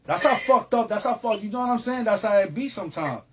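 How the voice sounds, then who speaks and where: A man's voice: high voice, animated, fast, slight background noise. A man, a guest telling a long story in a casual, streetwise way with heavy slang and repeated phrases. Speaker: interview guest.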